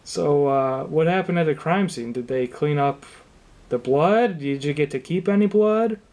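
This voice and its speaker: A young man improvising one side of a phone call as a shoemaker, asking a customer question after question in an incredulous, deadpan, mock-supportive way. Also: fairly high pitch, measured pace.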